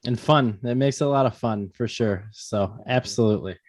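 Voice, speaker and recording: A man's voice: medium pitch, darkish tone, no echo, studio quality. A man co-hosting a podcast, asking casual interview questions in a friendly, chatty way. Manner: friendly, chatty, quick reassurances. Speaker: podcast co-host.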